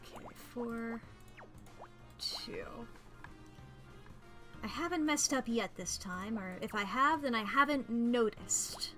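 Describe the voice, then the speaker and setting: A woman's voice: on the high side, expressive, slow, pauses often, pushed and bright, soft background music. A woman streaming a puzzle game, chatting in a playful, rambling way and laughing often. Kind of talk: casual gameplay commentary.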